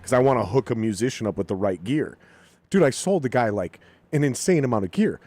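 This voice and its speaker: A man, a guest on a podcast, telling a story in a casual, animated way, swearing freely and acting out what people said. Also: medium pitch, quick pace. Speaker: podcast guest, rock musician.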